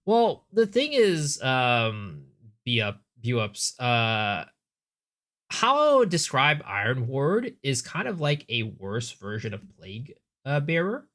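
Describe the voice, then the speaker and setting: A man's voice: medium pitch, very animated, takes it slowly, fairly bright tone. A man streaming live, chatting casually and thinking aloud as he answers viewer questions, with frequent restarts.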